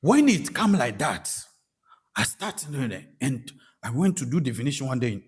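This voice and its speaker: A man's voice: mid-range voice, moderate pace, husky. A man with a Ghanaian English accent giving a personal testimony as a spiritual practitioner, telling his story animatedly and acting out what people said. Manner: animated storytelling, acts out quoted voices.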